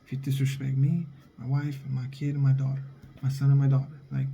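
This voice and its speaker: A man's voice: mid-range voice, monotone, fast, vocal fry, mellow, husky, muffled recording. A young adult man and father, talking in a blunt, heated, profane casual monologue. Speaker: vlogger, father.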